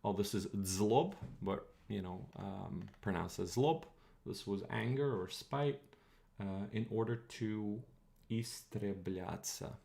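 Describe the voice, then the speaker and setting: Halting low-voiced male streamer, gravelly. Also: darkish tone. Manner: thinking aloud, halting, reads words out slowly, asks the chat. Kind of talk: casual livestream, translating an old text.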